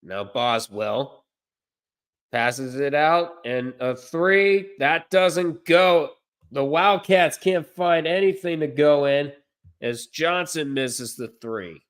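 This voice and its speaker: A man doing amateur play-by-play commentary on a livestream, unpolished and correcting himself, with deadpan asides. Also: on the high side, slow pace, clear, resonant tone.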